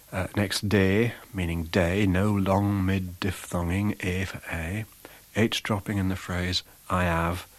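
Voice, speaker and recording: A man narrating as a lecturer, introducing examples in a measured, explanatory way with occasional fillers. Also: low-pitched, fairly bright tone.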